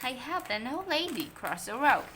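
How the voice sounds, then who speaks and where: A woman's voice: high voice, big pitch swings, normal speed, very noisy. A woman reading aloud and voicing a prim goody-goody little boy who shrieks and tattles. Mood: smug.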